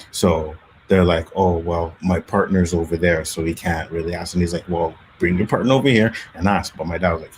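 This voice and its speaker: A man hosting a casual talk show, telling street stories from his youth in Canada with lively acted-out quotes. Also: sits low, fairly quick, slight background noise. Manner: animated storyteller, acts out quotes. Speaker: podcast host. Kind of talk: casual storytelling chat.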